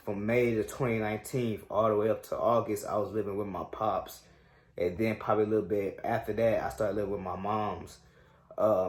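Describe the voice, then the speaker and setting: A man's voice: fairly low pitch, a little mellow, echoey room. A young man in his twenties hosting a sports show, telling a personal story in a casual, slangy, reflective way with frequent fillers.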